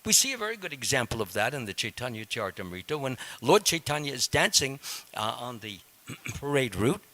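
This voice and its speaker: Bright-voiced man teaching a scripture class. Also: medium pitch, big pitch swings, brisk. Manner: conversational, explains step by step and quizzes the audience. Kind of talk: devotional scripture lecture. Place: temple hall.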